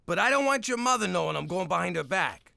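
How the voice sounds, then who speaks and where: A man voicing an exasperated former mob boss and father with a gravelly New York accent in an adult cartoon. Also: sits high, very animated, fast talker, pushed and bright, no room sound, full character voice. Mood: pleading. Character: blustery ex-mob boss father, soft on his daughter. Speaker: club owner and father.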